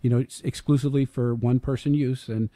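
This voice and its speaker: Middle-aged dad host, mellow tone, easygoing teasing. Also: male voice, mid-range voice, fast, no room sound. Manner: relaxed, teasing fatherly banter. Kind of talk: casual chat.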